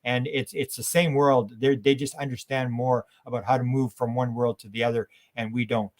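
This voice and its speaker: A man's voice: mid-range voice, steady tone, normal speed. A man from Canada, a guest in an interview, who rambles animatedly and acts out quotes.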